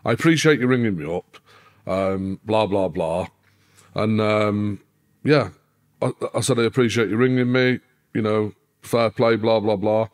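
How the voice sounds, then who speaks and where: A man's voice: lowish voice, measured pace. A man, a podcast guest telling a story casually, swearing constantly and acting out quoted dialogue. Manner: heavy swearing, animated retelling with quoted dialogue.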